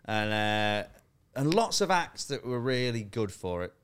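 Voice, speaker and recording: A comedian chats on a podcast, his voice bouncing between high and low as he acts out people in his own stories. He swears freely, laughs through the tales and keeps a casual, pub-style rhythm. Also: very animated, a little slow, fairly bright tone, smooth. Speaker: comedian guest. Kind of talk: casual podcast chat, telling stand-up stories.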